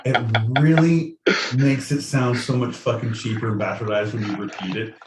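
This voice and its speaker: A man's voice: medium pitch, animated, normal speed. A man co-hosting a podcast, riffing in crude, rambling, mock-indignant banter. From Southern California. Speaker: podcast co-host. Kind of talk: casual comedic banter. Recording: roomy, distant mic with faint noise.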